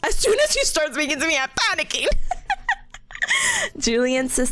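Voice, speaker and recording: Lively high-voiced young woman streamer. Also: moderate pace, pauses often, over music. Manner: animated, laughs often, self-mocking. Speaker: study streamer. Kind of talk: casual storytelling chat.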